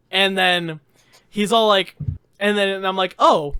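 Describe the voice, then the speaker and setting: A young man with a high, bright voice tells stories in a loose, animated podcast chat. He laughs often and stacks up fillers and restarts. The sound is close, crisp and dry, like a headset on a voice call. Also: a little slow, no room sound. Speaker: podcast co-host. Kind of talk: casual storytelling chat. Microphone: remote voice call.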